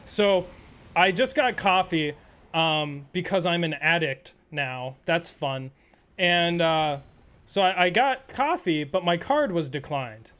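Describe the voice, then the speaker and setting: A man's voice: a little high, lively intonation, slow, fairly bright tone. A man streaming a game and telling a rambling, profane, sarcastic story in casual chat. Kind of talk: casual storytelling while gaming.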